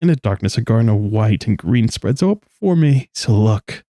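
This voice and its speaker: A man's voice: fairly low pitch, lively intonation, moderate pace, mellow, dry recording. A man streaming a video game, reading its story text aloud dramatically and dropping wry asides between passages. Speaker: gaming streamer. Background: game music.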